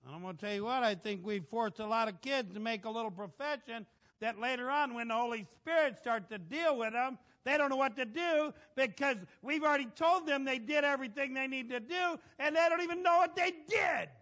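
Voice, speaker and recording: A middle-aged man preaching a folksy, animated sermon, asking the congregation for amens. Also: very high-pitched, a little fast.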